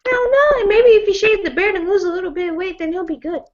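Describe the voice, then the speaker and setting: A woman's voice: very high voice, fast. A young woman in a casual chat, giggly, blunt and teasing. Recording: dull lo-fi recording.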